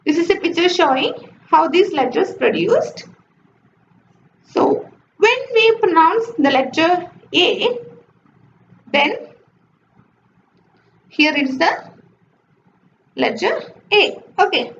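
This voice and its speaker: Lively high-voiced woman lecturing slowly. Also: gravelly, a little hiss or hum. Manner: explains step by step, often saying "okay". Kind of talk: slide-based phonetics lecture. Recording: echoey, dull lo-fi room recording.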